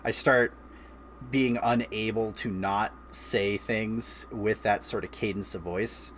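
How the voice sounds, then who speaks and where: A man's voice: on the low side, fairly even intonation, takes it slowly, fairly bright tone, a little hiss or hum. A man in his thirties hosting a casual chat stream from home, telling a story in a rambling way with frequent restarts and chuckles. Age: 30s. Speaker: streamer host. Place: home, by a fireplace.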